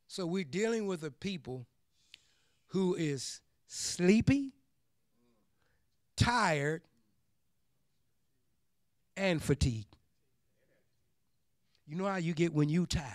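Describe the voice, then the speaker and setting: High-voiced, slow preaching man. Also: expressive, dry recording, studio quality. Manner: emphatic preaching, repeats phrases, builds to shouts. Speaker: pastor. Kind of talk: sermon.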